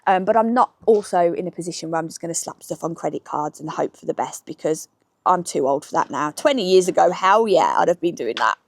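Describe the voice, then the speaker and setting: A woman's voice: fairly low pitch, lively intonation, brisk, no echo. A middle-aged woman from Birmingham with a Brummie accent, chatting candidly with frank asides as she answers viewers' questions outdoors in a garden. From Birmingham, England. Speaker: history YouTuber.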